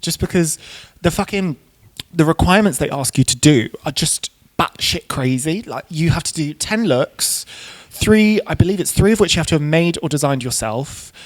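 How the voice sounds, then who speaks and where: A man in a casual interview about doing drag who is camp and chatty and swears freely between ums and likes. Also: on the high side. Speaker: drag queen guest.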